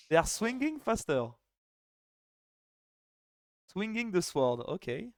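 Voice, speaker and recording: A man's voice: high voice, sing-song, takes it slowly, pauses often, no room sound, studio quality. A young man casting a live strategy game final, chatty and joking, with lots of "like" fillers. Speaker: esports caster.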